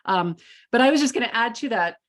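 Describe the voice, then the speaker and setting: A woman with a fairly high, expressive voice talks fast as she hosts a casual mastermind group discussion over a video call. She's chatty, laughs often, and fills her speech with "like" and "you know."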